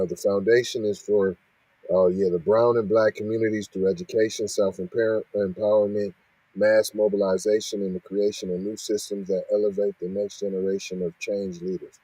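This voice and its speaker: Man, heated rant, scolding rhetorical questions, dark husky voice. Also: on the low side, fairly even intonation, normal speed, no echo, rough recording. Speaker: podcast host reacting to news. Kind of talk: reading and ranting commentary.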